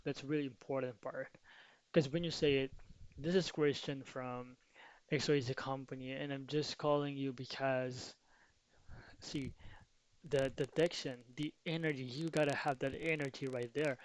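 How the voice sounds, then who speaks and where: A man's voice: mid-range voice, moderate pace, no echo. A man giving a casual sales tutorial, talking energetically and acting out phone call lines with changing intonation. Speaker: sales coach.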